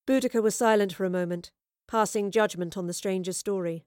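A woman narrating a storybook reading in a steady, even way. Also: medium pitch, quick pace, smooth, dry recording, clean studio sound.

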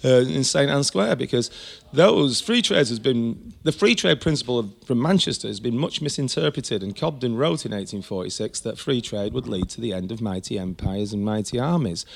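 A man's voice: mid-range voice, lively intonation, moderate pace, vocal fry. A man, a tour guide talking eagerly about local buildings with many restarts. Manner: enthusiastic, rambling with many restarts. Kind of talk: conversational architectural history chat.

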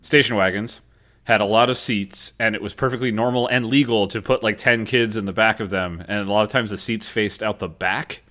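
A man co-hosting a casual podcast chat, slangy and animated, often acting out characters' lines. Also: on the low side, brisk. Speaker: podcast co-host.

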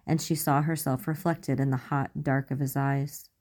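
A woman narrating romance fan fiction aloud in a measured, soft storytelling manner. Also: rumbling low, level tone.

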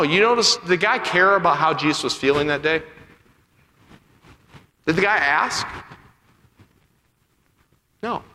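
A man delivers a sermon in a bright, fairly high voice, rising to emphatic peaks and dropping to quiet asides. The sound is roomy, with a long reverb trailing off in a church sanctuary. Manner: dynamic, swings between loud emphatic peaks and quiet asides. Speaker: preacher. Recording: echoey hall with long reverb.

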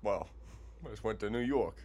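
Montana-accented male podcast co-host, slightly low voice, playful and quick to laugh. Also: darkish tone, slight background noise. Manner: laughs often, joking. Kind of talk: casual chat.

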